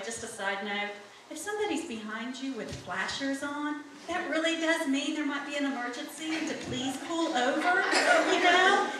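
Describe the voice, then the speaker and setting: A woman's voice: high-pitched, background noise. A middle-aged woman giving an earnest church testimony, speaking straight to the congregation. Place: church sanctuary. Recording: echoey sanctuary from far off.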